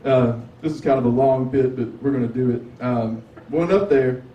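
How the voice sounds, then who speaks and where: Warm and mid-range, this Southern-accented comic from Tennessee speaks at a moderate pace through an open mic set, drawling, chatting and cursing freely before a light sports bar crowd. The lo-fi audio comes from a 360 camera across the room, so he sounds far off and echoey.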